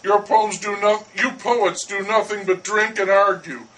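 A man voicing an irate French baker who shouts and blusters at a neighbor. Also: sits high, fairly even intonation, measured pace, far from the mic, rough recording. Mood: indignant. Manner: loud, indignant, blustering.

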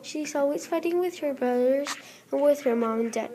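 Child narrator, high voice, reads a school story aloud with small stumbles. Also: female voice, warm tone. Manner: halting reading with restarts. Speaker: student reader. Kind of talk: reading her own story aloud.

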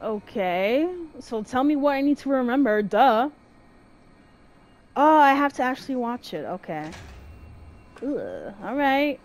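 A woman's voice: high-pitched, big pitch swings, normal speed. A young woman commenting on a horror game, swearing a lot and talking to the game as she plays. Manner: swearing, jumpy, talks to the game. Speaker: gamer.

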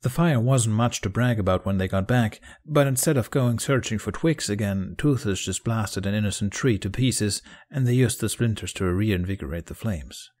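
A man narrating a fan fiction audiobook in a calm, even storytelling manner. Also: on the low side, moderate pace, hardly any pauses.

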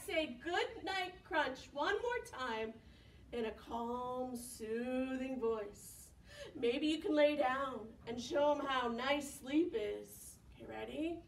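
Animated high-voiced children's librarian. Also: female voice, a little hiss or hum. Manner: animated, gasps and whispers to engage children. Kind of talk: preschool storytime reading and singing. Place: library room. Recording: echoey room, mic at a distance.

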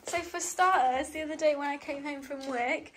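High-voiced chatty British woman in echoey room. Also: moderate pace, fairly bright tone, a little hiss or hum. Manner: chatty, gushing, easily moved. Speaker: vlogger. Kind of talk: casual chat to camera. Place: bathroom at home, indoors. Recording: echoey small tiled room.

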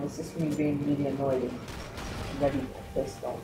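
A man's voice: a little high, big pitch swings, moderate pace. A man giving gameplay commentary, complaining melodramatically and cursing in bursts. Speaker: gaming video maker. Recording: roomy, distant mic with noise.

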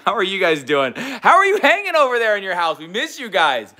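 A man's voice: sits high, wildly swooping pitch, brisk, sharp tone. Upbeat man hosting a family livestream. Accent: Utah. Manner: upbeat, chatty, reads out viewer comments. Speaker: family channel host. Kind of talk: casual family livestream chat.

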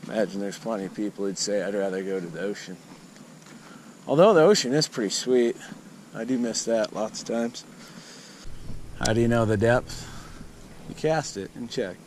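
Out on a river with his kayak and a sandbar, a fishing vlogger talks to his own camera at normal speed in a fairly low, expressive voice, pausing often. His chat is casual, rambling, and self-deprecating, and the recording picks up noticeable river noise along with water and outdoor sounds.

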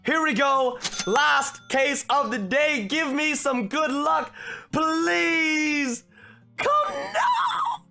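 A young man giving excitable, shouty commentary while playing a video game. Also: very high-pitched, takes it slowly, creaky, few pauses, faint music behind. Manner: shouty, reactive, frequent outbursts. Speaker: gaming video host.

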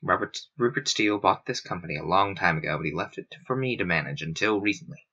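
A stern, grim manager speaks in a flat, guarded deadpan, as a man reading aloud puts him on. The tone is clear and bright but gives nothing away. The recording is dull and lo-fi. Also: sits low, fast talker, pitched below the performer's own voice, exaggerated voice. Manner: deadpan, clipped.

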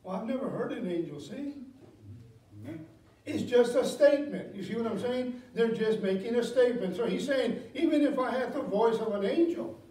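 Pastor, male, high voice, conversational sermon with chuckles, church mic from afar. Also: animated, normal speed, mellow. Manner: conversational preaching, reads scripture aloud, asks the congregation questions; chuckles often, many fillers and self-corrections. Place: church sanctuary. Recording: echoey room, voice from a distance.

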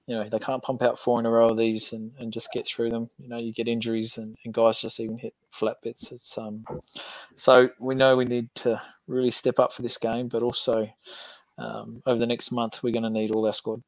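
A man, a rugby coach guest on a video call, answering questions with many pauses and fillers. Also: mid-range voice, little pitch movement, no room sound, poor audio. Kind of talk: interview answers.

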